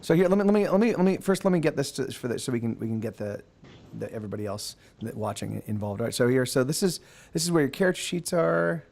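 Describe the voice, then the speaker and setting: A man's voice: mid-range voice, animated, fast talker, creaky, a little mellow. A man working as game master, narrating a tabletop game and rambling with many restarts.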